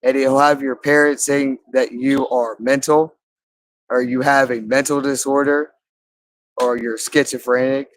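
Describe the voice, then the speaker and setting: A man's voice: mid-range voice, flat delivery, low-quality recording. Man in a rambling, repetitive monologue. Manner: rambling, repeats phrases over and over; halting, with frequent restarts.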